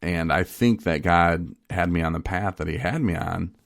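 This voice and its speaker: A man's voice: low voice, moderate pace, creaky, no room sound. A young man co-hosting a podcast in casual chat, telling candid stories in a rambling way with frequent restarts, speaking into a studio microphone. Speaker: podcast co-host.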